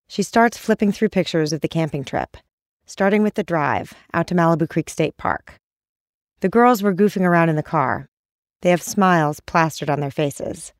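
A woman podcast host delivering scripted narration in an even, measured way. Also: fairly low pitch, no echo, studio quality.

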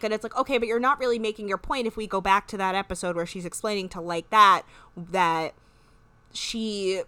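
A woman in casual chat, recapping a reality show with animated retellings and free swearing. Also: mid-range voice, brisk, clear, resonant tone, dry recording. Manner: animated, swears freely, acts out quoted lines. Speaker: podcast co-host.

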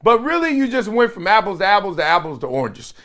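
A man's voice: sits high, sing-song, fast, a bit bright. A middle-aged man hosting a sports talk show, reading viewer comments aloud with playful hype chants and frequent laughter.

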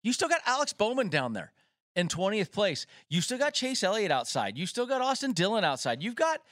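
Male co-host, slightly high voice, excitable odds rundown, dry studio sound. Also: fairly quick, no room sound. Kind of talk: sports betting talk.

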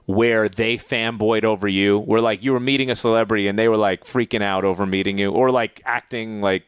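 A man's voice: on the low side, fairly even intonation, brisk, clear, resonant tone, dry recording. A man hosting a podcast, upbeat and playful, asking plenty of questions in casual chat. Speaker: podcast host.

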